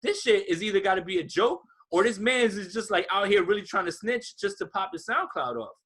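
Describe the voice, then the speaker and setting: High, bright-voiced ranting man. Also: brisk. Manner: animated, profane, ranting. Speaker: podcast co-host. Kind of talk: casual chat.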